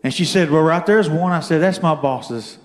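A man telling a story from his own life as a testimony during a sermon, building to shouted fervor. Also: fairly high pitch, moderate pace, echoey room. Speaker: guest speaker giving testimony. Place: church.

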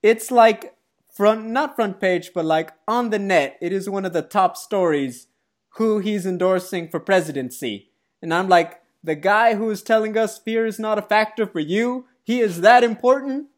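A woman co-hosting a casual sports podcast, chatting in a playful, joking, animated way. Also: medium pitch, normal speed. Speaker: podcast co-host.

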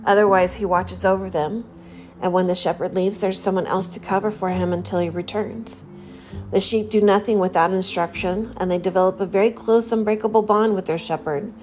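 A woman giving a devotional talk in an earnest, measured way, reading scripture passages aloud between her own reflections. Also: medium pitch, fairly even intonation, a little mellow. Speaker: religious speaker. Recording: faint music behind the voice.

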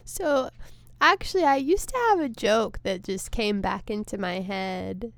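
A woman's voice: mid-range voice, very animated, moderate pace, gravelly, a bit bright, dry recording. A woman hosting her podcast alone, a comedian rambling in a casual, self-deprecating and emotional way from her studio. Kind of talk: casual solo monologue. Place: studio space.

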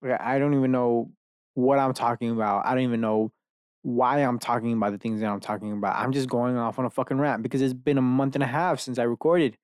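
A man's voice: mid-range voice, steady tone, quick pace, a little mellow, clear, resonant tone, dry recording, clean studio sound. A man hosting a podcast alone in his bedroom, rambling from one idea to the next with lots of profanity and self-mocking asides. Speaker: podcast host. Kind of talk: rambling solo rant.

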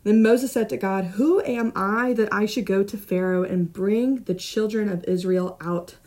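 A young woman teaching a casual Bible study, reading scripture aloud and talking it through in a conversational, animated way, often checking in with "right?". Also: mid-range voice, measured pace. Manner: conversational, animated, asks frequent "right?" tag questions.

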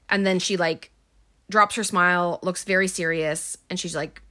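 A woman's voice: on the low side, steady tone, a little slow, sharp tone. A woman casually retelling a film plot, chatty and wry, with lots of ums and likes. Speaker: movie recapper. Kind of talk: casual spoken film recap.

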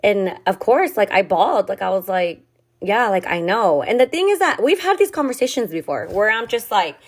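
A woman's voice: medium pitch, big pitch swings, moderate pace, breathy edge. A young woman hosting a podcast, telling a personal story in a candid, confessional way, swearing often and filling her talk with "like.". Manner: candid, heavy swearing and filler "like". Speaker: podcast host.

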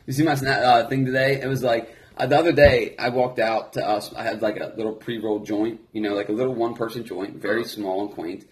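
Fast-talking man in casual profane chat. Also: medium pitch. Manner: animated, profane, acts out quoted voices.

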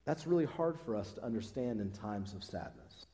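A man's voice: fairly low pitch, very animated, moderate pace, dark tone, in a large hall. A man preaching a sermon as pastor, speaking earnestly and conversationally, lifting his voice for emphasis. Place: church sanctuary.

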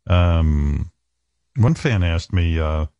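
A man hosting a radio talk show, telling a rambling story in a casual, animated way. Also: deep voice, very slow, no room sound, lo-fi sound. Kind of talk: casual on-air chat and storytelling.

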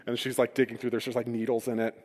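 A man's voice: medium pitch, level tone, fast talker, darkish tone. A man preaching a sermon, retelling a story with humorous asides. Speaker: pastor. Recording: long reverb of a large hall.

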